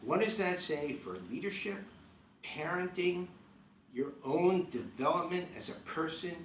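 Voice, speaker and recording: A man's voice: a little high, lively intonation, measured pace, a little hiss or hum. A man giving a motivational leadership talk to camera, telling stories and stressing key words. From New York. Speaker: leadership speaker. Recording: echoey room, mic at a distance.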